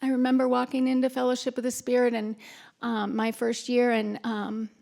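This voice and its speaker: Candid self-mocking woman storyteller, slight fry. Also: on the high side, monotone, moderate pace, darkish tone. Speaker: speaker at a recovery retreat. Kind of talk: personal talk to an audience. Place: retreat conference hall.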